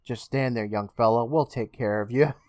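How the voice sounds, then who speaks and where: A man voicing a menacing old jailer, using a low, hushed mock-sinister delivery while retelling a show. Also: normal speed, no room sound, natural voice. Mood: sly menace.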